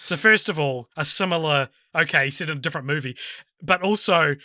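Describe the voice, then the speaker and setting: A man with a fairly high, very bright and sharp voice co-hosting a podcast. The sound is dry and close. He nitpicks details quickly and moves the show along. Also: dry recording. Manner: quick, corrects fine details, plays announcer for segments. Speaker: podcast co-host. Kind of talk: casual chat.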